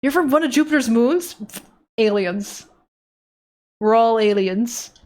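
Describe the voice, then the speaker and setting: A woman's voice: on the high side, animated, normal speed, darkish tone. A woman from Europe streaming live as an artist, reading chat aloud and joking with her viewers in a teasing, playful way. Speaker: art streamer. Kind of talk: casual live-stream chat while drawing.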